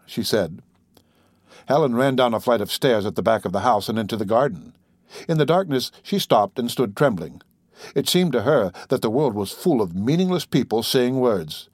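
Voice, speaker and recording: A man narrating a classic literary story in a measured, expressive reading. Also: mid-range voice, husky, no echo, studio quality. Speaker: audiobook narrator.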